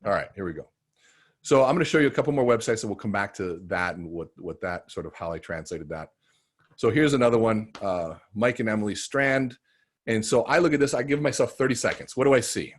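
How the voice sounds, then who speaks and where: A middle-aged man coaching salespeople in a live online training session, telling stories with big swings between loud bursts and quiet, emotional moments. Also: fairly low pitch, brisk, slightly rough.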